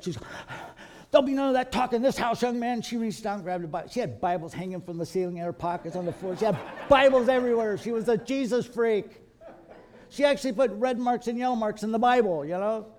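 Folksy man preaching, higher voice. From Kentucky. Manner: animated storytelling, calls listeners folks. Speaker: creationist speaker. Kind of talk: folksy preaching to a live audience.

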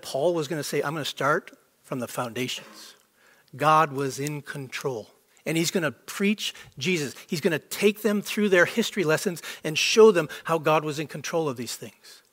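A man preaching a sermon to a congregation, emphatic and repetitive for stress. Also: a little high. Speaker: pastor. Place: church sanctuary. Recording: long hall reverb.

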